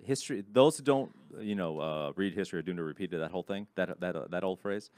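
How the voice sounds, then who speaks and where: A man's voice: low-pitched, fast talker, darkish tone, no room sound. A man in his thirties, a podcast guest chatting casually and acting out quoted voices in his stories.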